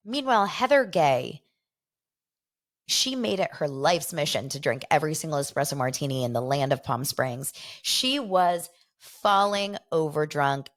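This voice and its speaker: A woman's voice: deep voice, expressive, moderate pace, fairly bright tone. A woman hosting a casual show, rambling through gossipy commentary and laughing often. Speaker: host.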